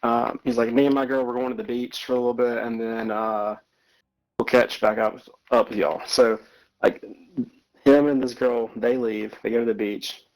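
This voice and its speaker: A man's voice: medium pitch, steady tone, normal speed, a little mellow, rough recording. A man chatting casually with a friend, telling rambling stories full of swearing and filler words. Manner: rambling storytelling, heavy swearing, lots of "like". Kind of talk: casual chat over a game.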